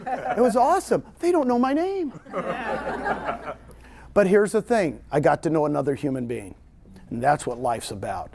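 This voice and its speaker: A middle-aged man with a Texan accent, giving an animated seminar talk to a room of agents and joking with them. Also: sits high. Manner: animated storyteller, jokes with audience. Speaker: real estate trainer. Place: meeting room with audience.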